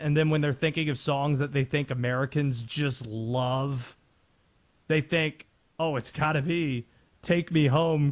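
Male sports radio host, fairly high voice, animated, joking. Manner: animated, jokey delivery with put-on voices.

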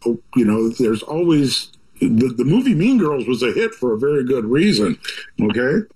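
A man's voice: mid-range voice, big pitch swings, normal speed, a little mellow, low-quality recording. An older man, an author, talking in a rambling, folksy, reflective way full of asides and restarts. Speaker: author talking about his book. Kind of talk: reflective conversational monologue.

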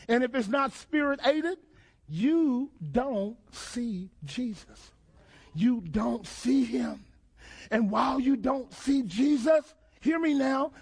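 A man with a strikingly high voice delivers a fervent sermon. He builds rhythmic repetitions and questions to the congregation, climbing into shouted emphasis. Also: breathy edge. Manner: call-and-response preaching, rising to shouts. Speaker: preacher.

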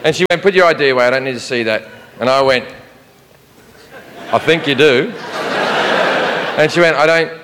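A man's voice: medium pitch, racing, long reverb tail, background noise. An Australian man telling a stand-up story, brash and full of swearing, acting out the people in it. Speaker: stand-up comedian. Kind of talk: stand-up routine.

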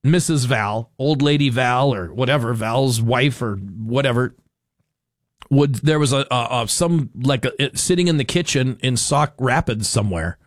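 A man's voice: mid-range voice, moderate pace, no room sound, clean studio sound. A man hosting a radio talk show, chatting in a rambling, opinionated way full of fillers and restarts.

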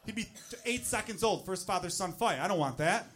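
A man's voice: sits high, expressive, fairly quick, a bit bright, slight background noise. A man doing a stand-up set with crude, exasperated storytelling. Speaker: stand-up comedian.

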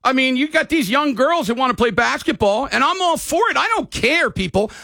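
A middle-aged man hosts call-in sports radio in a fired-up ranting style. His voice sits high and swoops widely, with a gravelly edge. The sound is bone-dry and close. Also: big pitch swings, a little fast, sharp tone, dry recording. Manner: fired-up, ranting, apologetic asides.

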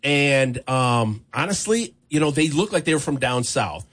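A man with a medium-pitched voice and a measured pace tells a long story casually on a talk show. He's an animated, rambling storyteller, full of fillers and restarts.

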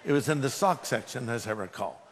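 A man's voice: mid-range voice, animated, brisk. A man who is a pastor, preaching a sermon with emphatic delivery and humorous storytelling. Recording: long hall reverb.

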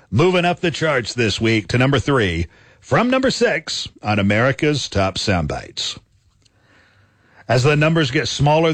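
A man hosting a weekly radio countdown of news soundbites, in upbeat announcer style with drawn-out emphasis. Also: medium pitch, fairly bright tone, no room sound.

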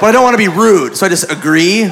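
A man's voice: high voice, lively intonation, quick pace. A man doing crude stand-up storytelling on a club stage, laughing through his punchlines. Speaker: stand-up comedian. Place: comedy club stage with live audience. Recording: live club recording with crowd laughter and noise.

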